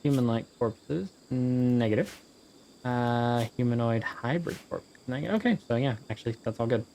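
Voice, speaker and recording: A man's voice: mid-range voice, moderate pace, vocal fry, mellow, slight background noise. A man giving casual, rambling gameplay commentary, joking around and swearing freely as he plays. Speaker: gameplay video host.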